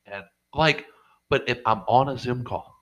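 A man hosting a casual podcast, telling a story animatedly with lots of swearing and loud quoted voices. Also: unhurried, rough recording. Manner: animated, profane, jumps into high shouted quotes. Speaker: podcast host.

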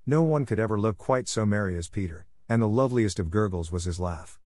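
A man narrating a classic children's story in a measured, even reading. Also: lowish voice, dry recording, studio quality.

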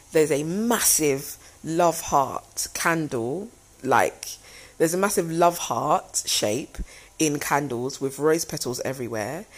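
A young woman casually recounts her proposal, lively and packed with fillers. She often jumps into a squealing high voice to act out what people said.

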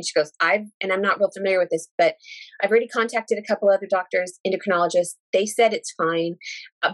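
A woman in her thirties talks quickly through a personal story, her pitch sitting in an average middle range. She retells events with animated emotion, slipping into the voices of the people she quotes and using thankful, religious phrasing. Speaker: guest sharing a personal story. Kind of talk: casual storytelling conversation.

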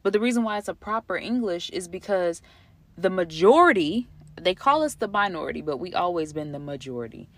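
Low-voiced woman in a casual, reflective monologue. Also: animated, a little fast, a bit bright. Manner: reflective, conversational, many fillers and restarts. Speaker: podcast host.

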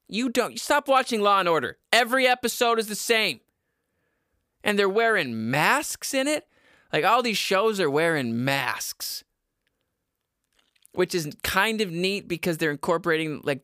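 A man's voice: fairly high pitch, sharp tone, no echo, studio quality. A man hosting his own podcast, ranting in a profane, exasperated way with self-mocking laughs, recorded in a basement at home. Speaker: podcast host. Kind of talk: casual ranting monologue.

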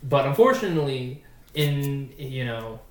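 Casual podcast co-host, mid pitch, halting and playful, echoey room sound. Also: animated, recorded from a distance. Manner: hesitant, restarts often, playful mimicry. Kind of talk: casual chat.

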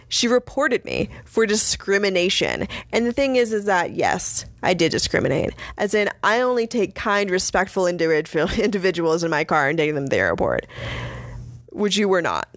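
A woman's voice: fairly low pitch, no echo. A young woman hosting a podcast, casually telling rideshare stories in a blunt, sarcastic way and swearing freely. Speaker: podcast host and rideshare driver. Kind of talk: casual storytelling monologue.

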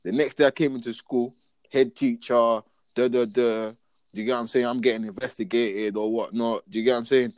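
A man's voice: mid-range voice, fairly quick, dry recording. A young man tells stories in loose, slang-heavy chat, acting out his own old lines as he goes. His voice sits in a middle register and is recorded dry and close. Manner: slangy, keeps asking "do you get what I'm saying"; animated storyteller, acts out his own lines. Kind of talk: casual podcast chat.

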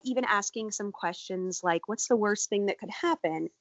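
A woman's voice: mid-range voice, normal speed, no room sound. A woman expert talking conversationally about children's fear of public speaking. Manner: conversational, uses fillers like "you know". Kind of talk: interview answers. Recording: dry, dull lo-fi audio.

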